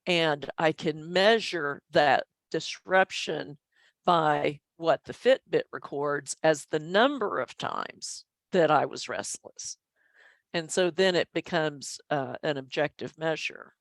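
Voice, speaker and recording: Gravelly-voiced woman presenting a training session. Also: low voice, takes it slowly, dry recording. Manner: self-deprecating goofy humor, explanatory. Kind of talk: online presentation.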